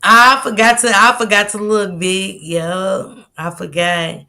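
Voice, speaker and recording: A woman hosting a casual livestream, greeting viewers by name in relaxed, slangy banter. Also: medium pitch, takes it slowly. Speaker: livestream host.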